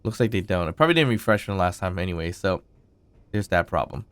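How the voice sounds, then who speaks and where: Low, smooth-voiced man narrating gameplay. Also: fast talker, no room sound. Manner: relaxed, thinking aloud with frequent fillers. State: recovering from illness, voice still rough. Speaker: gaming channel host. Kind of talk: casual gameplay commentary.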